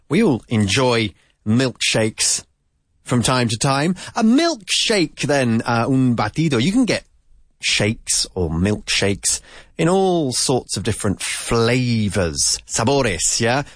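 A man teaching vocabulary to Spanish speakers in a relaxed, chatty way, repeating words slowly to drill their pronunciation. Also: medium pitch, dry recording, studio quality. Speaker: English teacher. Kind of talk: casual language lesson.

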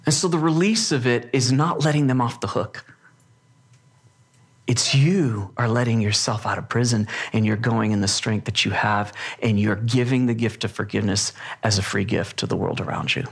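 A man's voice: medium pitch, normal speed, vocal fry, husky. A man preaching a sermon to a live audience, earnest and emphatic, often restarting his sentences. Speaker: pastor. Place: church or hall with a live audience.

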